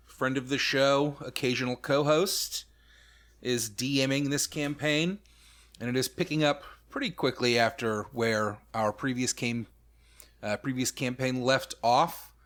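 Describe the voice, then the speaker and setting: A man's voice: medium pitch, a bit bright. A man hosting a podcast in casual chat, talking in an easygoing, rambling, self-mocking way. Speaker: podcast host.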